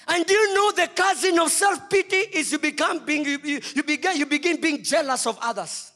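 A man preaching a sermon as pastor, swinging from loud shouts to quiet, low lines. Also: a little fast, hardly any pauses, soft background music. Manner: preaching with sudden shouts and soft drops. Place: church.

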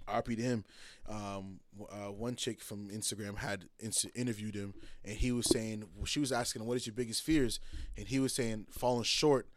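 A man's voice: on the low side, steady tone, normal speed, no echo. A man from Boston, a comedian, chatting loosely as a guest on a podcast, laughing often between his words. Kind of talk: casual podcast chat. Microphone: studio mic.

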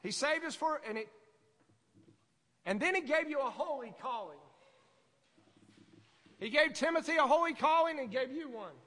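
A man preaching a sermon as pastor, conversational and animated, acting out voices in his stories. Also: very high-pitched, moderate pace, long pauses, long reverb tail.

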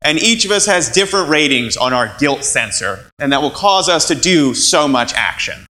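A man preaching a sermon as a pastor, animated and acting out quoted voices. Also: a little high, moderate pace, rough recording.

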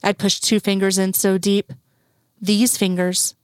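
A woman's voice: mid-range voice, little pitch movement, unhurried, no room sound, clean studio sound, natural voice. A woman reading a confident, teasing young woman. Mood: intimate.

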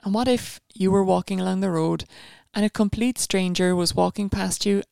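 A woman's voice: medium pitch, normal speed, vocal fry, darkish tone, clear, resonant tone, no room sound, studio quality. A woman coaching a guided running session, chatty and encouraging, given to rambling asides.

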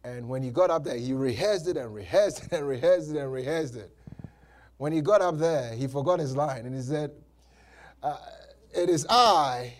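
A man's voice: medium pitch, normal speed, darkish tone. A male pastor preaching a sermon, repeating phrases and laughing between points. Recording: live church service.

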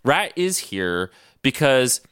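A man chatting casually as a podcast co-host, his voice bright and swinging widely in pitch. He laughs often and swears freely. The recording is dry and close. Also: very animated, slow pace, smooth, dry recording. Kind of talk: casual chat.

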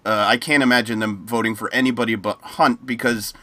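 A man's voice: lowish voice, fairly even intonation, a little fast, bright, forceful tone, dry recording. A man co-hosting a podcast, chatting casually, often laughing and giving his opinions. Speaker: podcast co-host. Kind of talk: casual chat.

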